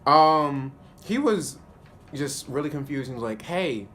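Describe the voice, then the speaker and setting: Animated slangy man recapping an episode. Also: a little high, measured pace. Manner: animated, slangy, laughs often. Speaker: TV show reviewer. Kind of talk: casual spoken episode review.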